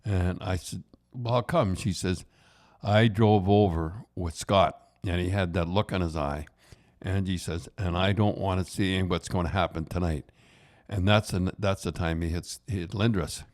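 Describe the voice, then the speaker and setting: Brief: older Canadian man, low voice, rambling hockey yarns, lots of restarts. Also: steady tone, moderate pace, darkish tone. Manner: rambling, repeats and restarts, says "eh". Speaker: podcast host. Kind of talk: casual hockey storytelling.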